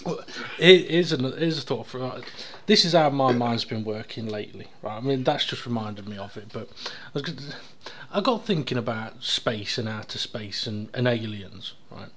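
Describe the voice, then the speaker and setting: A man's voice: mid-range voice, moderate pace, few pauses, crowd noise. Musing sweary British man. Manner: musing, loose and sweary, with many "I mean"s. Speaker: podcast co-host. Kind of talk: casual chat.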